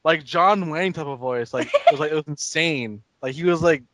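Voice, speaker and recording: A man's voice: fairly high pitch, moderate pace, background noise. An American man co-hosting a podcast, chatting casually with hesitant, repeated starts and amused laughs. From United States. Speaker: podcast co-host. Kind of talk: casual chat.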